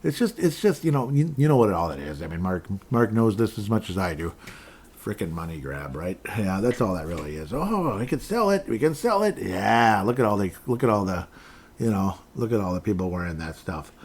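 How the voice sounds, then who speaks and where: Low-voiced guy rambling on his sports podcast, chatty, lots of restarts. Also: expressive, fairly quick, darkish tone, husky. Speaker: podcast host. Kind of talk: solo sports podcast, reading listener comments.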